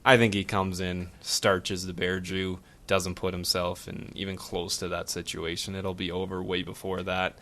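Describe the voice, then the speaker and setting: A man co-hosting a podcast, breaking down fights in a laid-back, measured way with frequent fillers. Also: deep voice, flat delivery, a bit bright. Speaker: podcast co-host. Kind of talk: casual sports betting chat.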